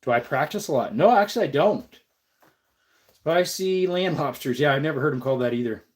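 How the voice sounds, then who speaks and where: A man's voice: on the high side, expressive, fairly quick. A young man with a stuffed-up nose, hosting a casual livestream and chatting easygoingly with viewers while he works. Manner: easygoing, reads chat aloud and answers. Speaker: livestream host.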